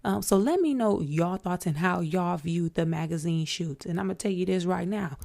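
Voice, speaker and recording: A woman's voice: lowish voice, normal speed, creaky, few pauses, warm tone. A woman hosting a solo commentary podcast, outspoken and emphatic, talking straight to her listeners. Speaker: podcast host.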